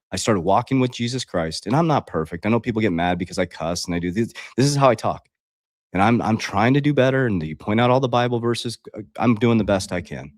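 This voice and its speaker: A man's voice: medium pitch, no room sound, studio quality. A man speaking as a life coach on a livestream, blunt and confrontational, swearing freely and talking straight to his viewers. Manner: addresses viewers directly as guys. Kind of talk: livestream motivational talk.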